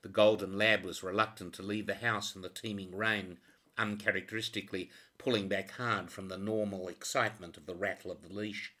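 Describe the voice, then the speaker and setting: A man narrating a crime novel audiobook in a steady, even reading voice. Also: sits low, brisk.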